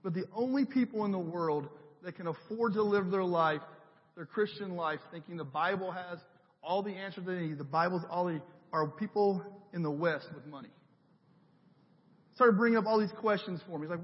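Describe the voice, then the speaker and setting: A man's voice: high voice, moderate pace, big-room sound, lo-fi sound. A man preaching a conversational sermon in a church sanctuary, building his points through emphatic repetition. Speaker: pastor.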